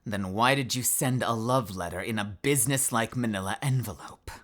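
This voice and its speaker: A woman's voice: rumbling low, normal speed, heavy background noise, voice pushed down. A woman voicing a stern, cool-headed male lawyer who questions in a cold, accusing way. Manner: cold, accusing cross-examination.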